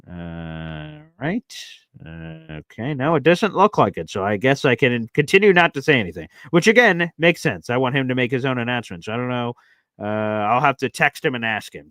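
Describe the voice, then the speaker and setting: A man hosting a live football talk stream, enthusiastic and animated, often calling listeners "baby". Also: medium pitch, no echo, clean studio sound. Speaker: host of a sports talk show.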